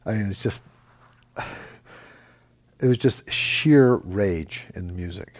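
A middle-aged man teaching a meditation class, answering questions in a relaxed, halting way with many fillers. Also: lowish voice. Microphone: microphone.

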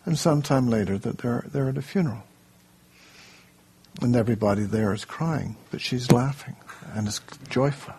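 A man leading a workshop, telling a story in an unhurried way, then giving a group plain instructions in a room. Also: mid-range voice, darkish tone, a little hiss or hum. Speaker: workshop leader.

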